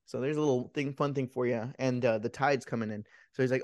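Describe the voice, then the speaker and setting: A man's voice: medium pitch, steady tone, quick pace, hardly any pauses, a little mellow, no room sound. A man co-hosting a podcast, casually retelling a film plot in a rambling, profane way with many restarts. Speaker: podcast co-host.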